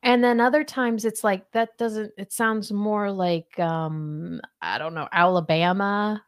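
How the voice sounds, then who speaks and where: A woman's voice: medium pitch, steady tone, measured pace, clear, resonant tone. A woman hosting a casual podcast chat and running a playful quiz, laughing often. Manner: giggly, chatty, laughs often. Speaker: podcast host.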